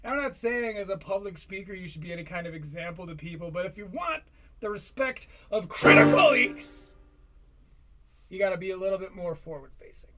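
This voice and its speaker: A man's voice: high-pitched, lively intonation, fast talker, loud music behind the voice. A man hosting a live stream, reacting to a comedy special with sarcastic, profane commentary. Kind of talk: casual commentary.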